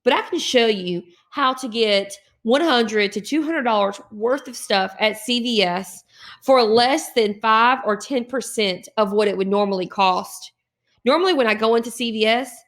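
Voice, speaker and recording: A woman's voice: a little high, a bit bright. A woman hosting a couponing channel, giving an upbeat, encouraging intro to the camera.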